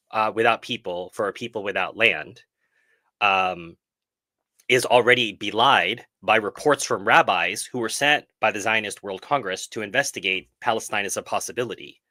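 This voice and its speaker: His voice is on the lower side, pushed and bright, captured in a dry recording. He's the host of a film club live stream, casually discussing films in an earnest, reflective way and frequently stopping to correct himself partway through sentences.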